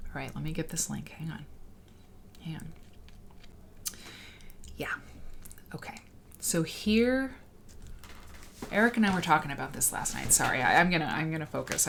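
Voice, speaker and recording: A woman hosting a casual livestream, rambling and excitable as she chats and reads out viewer comments. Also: low-pitched, creaky, slight background noise. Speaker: livestream host.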